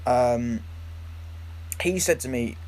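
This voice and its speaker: A man's voice: mid-range voice, takes it slowly, darkish tone, slight background noise. A young man chats on a phone live stream. He rambles, trips over his words and restarts his sentences. Now and then he breaks off to greet viewers by name. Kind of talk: casual live-stream chat.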